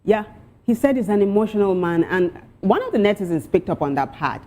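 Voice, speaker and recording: A woman hosting a talk show, reading out social media posts with lively asides. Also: medium pitch, a little fast.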